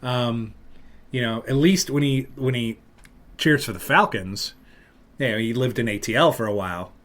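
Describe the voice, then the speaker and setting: A man hosting a podcast, telling a long story in casual chat and loudly acting out what people said. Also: mid-range voice, normal speed. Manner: animated, acts out loud quotes of other people. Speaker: podcast host.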